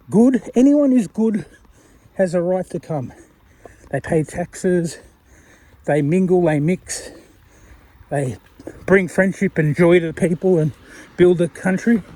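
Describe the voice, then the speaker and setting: A viewer's high-pitched, mellow voice carries a wandering, casual monologue as he walks, aimed at a channel owner he admires.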